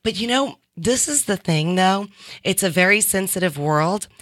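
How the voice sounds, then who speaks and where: A woman's voice: mid-range voice, animated, normal speed, fairly bright tone. A woman guest chatting casually, giggly and talkative, with "like" in many of her sentences. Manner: giggly, chatty, says "like" a lot. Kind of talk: casual chat.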